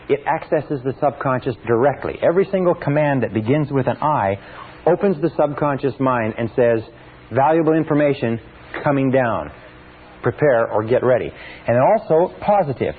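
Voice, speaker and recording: A man giving a motivational seminar talk, emphatic, slowly repeating key phrases for effect. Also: medium pitch, lively intonation, husky, narrow, tinny audio. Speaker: seminar speaker.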